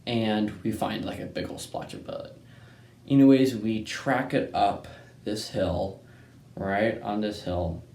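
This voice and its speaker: Brief: young guy, lowish voice, loose rambling storyteller, echoey room with faint noise. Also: fairly even intonation, takes it slowly, gravelly, a little mellow. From Texas. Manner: rambling, keeps asking "right?" and saying "anyways". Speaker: hunting channel host. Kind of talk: casual storytelling.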